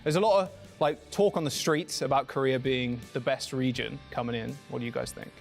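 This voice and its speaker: A man's voice: medium pitch, steady tone, fairly quick, creaky, soft background music. A man interviewing esports players, asking light joking questions in an upbeat way. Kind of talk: casual interview.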